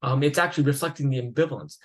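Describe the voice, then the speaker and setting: A man's voice: mid-range voice, rapid-fire, low-quality recording. A man lecturing at a psychiatry conference in a conversational way, with fillers, restarts and the odd laugh.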